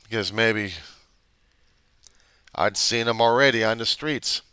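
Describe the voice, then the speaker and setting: A man's voice: fairly low pitch, takes it slowly, pushed and bright, clear, resonant tone, dry recording. A man talking unscripted to his camera about recovery, blunt and profane, rambling and questioning himself. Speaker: recovery video diarist. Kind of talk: unscripted confessional monologue.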